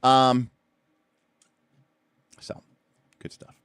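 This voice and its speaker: A man's voice: extremely slow, fairly bright tone, no echo, studio quality. A man hosting a tabletop game livestream, explaining rules in a loose, rambling way with lots of fillers and restarts. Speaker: tabletop RPG show host.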